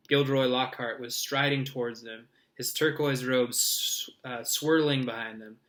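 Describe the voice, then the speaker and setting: A man's voice: mid-range voice, fairly even intonation, normal speed, few pauses, a bit bright. A man reading a novel aloud in an informal way, stumbling, correcting himself and adding his own asides. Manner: informal, with slips, restarts and asides. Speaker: reader.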